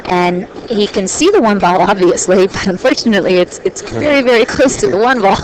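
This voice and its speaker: Chatty woman commentating pool, noisy audio. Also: mid-range voice. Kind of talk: live play-by-play commentary. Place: pool hall. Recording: noisy live-stream audio.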